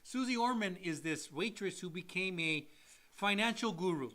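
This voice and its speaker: A man co-hosting a casual podcast, with a high, bright and sharp voice. He talks with real animation, jumping into quoted voices and laughing often. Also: expressive, moderate pace. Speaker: podcast co-host. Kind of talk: casual chat.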